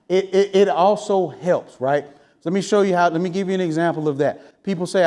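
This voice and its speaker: A woman's voice: lowish voice, moderate pace, mellow. Emphatic woman giving a motivational speech. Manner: emphatic, keeps asking the crowd "right?"; rhetorical questions and punchy repetition. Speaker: motivational speaker. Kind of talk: live motivational speech to an audience.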